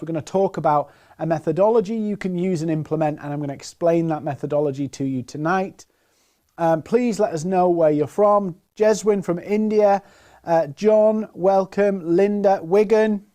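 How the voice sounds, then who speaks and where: With a mellow, fairly high-pitched voice, the webinar host, a northerner presenting from home in Plymouth, chats through the start of a live online sales stream. He reads out the names of viewers and the places they're tuning in from.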